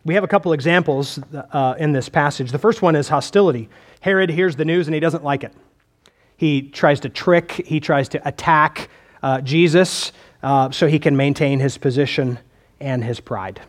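A man preaching a sermon, his voice sitting a little high for a man. He talks conversationally, often restarts his sentences and keeps putting questions to his listeners. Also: moderate pace. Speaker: pastor.

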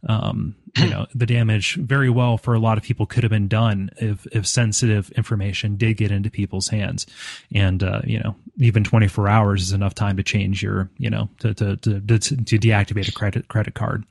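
Man, podcast host, low voice, halting and full of fillers, dry close sound. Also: vocal fry, dry recording. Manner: halting, many fillers and restarts. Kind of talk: casual gaming podcast chat.

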